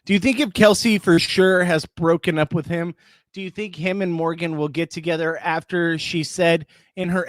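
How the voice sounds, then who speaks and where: This reality show reaction host has a voice that's a little high, recorded dry and close to the mic. On his live stream he chats casually, welcomes viewers and laughs frequently.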